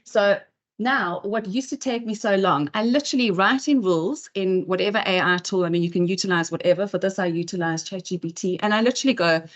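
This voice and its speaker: A woman's voice: medium pitch, a little fast, highs cut off. A woman speaker giving a chatty talk at an in-person event, full of fillers and asides. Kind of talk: conference talk.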